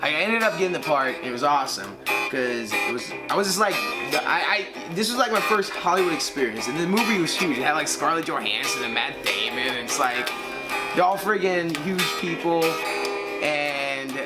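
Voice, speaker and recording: A man casually telling a story in a rambling way, full of fillers and restarts. His voice has an ordinary pitch. Loud guitar music plays behind him. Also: expressive, moderate pace. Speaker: comedian. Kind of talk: casual anecdote.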